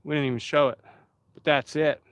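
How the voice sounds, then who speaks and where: A man's voice: on the high side, steady tone, fairly quick, background noise. Chatty man live-streaming. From Pennsylvania. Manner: rambling, chatty, talks straight to the chat. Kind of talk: casual live-stream chat.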